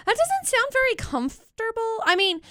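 A woman's voice: very high-pitched, big pitch swings, normal speed, a bit bright, no echo, clean studio sound. A young woman co-hosting a morning radio show, telling stories animatedly and laughing easily. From United States. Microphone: studio microphone.

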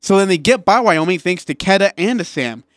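Excitable male sports radio co-host. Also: high voice, a little fast, dry recording, studio quality. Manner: excitable, rambling with restarts. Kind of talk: casual sports talk.

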